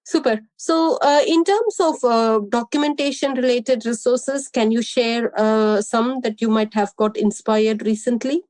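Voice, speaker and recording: A woman's voice: a little high, fairly even intonation, unhurried, hardly any pauses, a little mellow. A woman hosting a podcast interview, upbeat, with short enthusiastic affirmations between questions. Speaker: podcast host.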